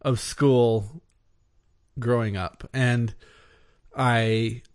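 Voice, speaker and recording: A man co-hosting a podcast, chatting casually with dry, deadpan quips and questions. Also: mid-range voice, drawn-out words. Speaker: podcast co-host. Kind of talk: casual chat.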